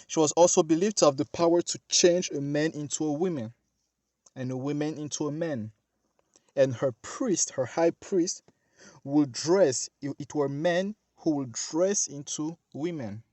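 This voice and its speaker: A man's voice: fairly high pitch, a little mellow, no echo. Emphatic man preaching a sermon. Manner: emphatic and repetitive, addressing listeners directly.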